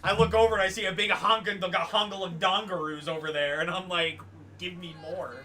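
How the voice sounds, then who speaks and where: A man's voice: high voice, steady tone, fairly quick, bright, forceful tone. A young man playing a game in casual chat, joking and teasing with frequent laughs. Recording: distant mic with clear noise.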